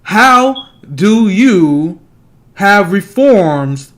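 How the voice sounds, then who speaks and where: A man's voice: sits high, big pitch swings, a bit bright. A man delivering a heated, profane political rant, angry and laughing scornfully between points. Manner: angry, fast, profane, laughs mid-sentence. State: agitated. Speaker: political commentator.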